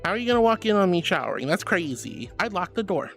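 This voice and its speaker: Gushing streamer with a lively, swooping voice who calls chat "sweetie," faint music underneath. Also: fast talker. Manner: bubbly, affectionate, calls viewers sweetie; swoops into high squeals of excitement. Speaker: VTuber streamer. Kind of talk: livestream chat reading viewer messages.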